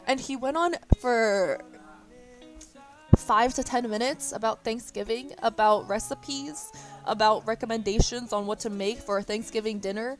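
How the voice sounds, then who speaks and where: A woman's voice: on the high side, unhurried. Young woman streamer, giggly, rambling anecdotes, faint music bed. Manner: laughs often, lots of fillers and restarts. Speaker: livestreamer. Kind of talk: casual chat storytelling.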